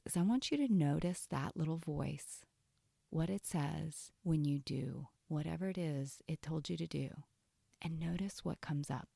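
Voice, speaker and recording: Woman, podcast coach, low voice, gravelly, earnest, slips into whispers. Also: a little slow, no echo, clean studio sound. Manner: earnest, often drops to a soft whisper. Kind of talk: casual self-help talk.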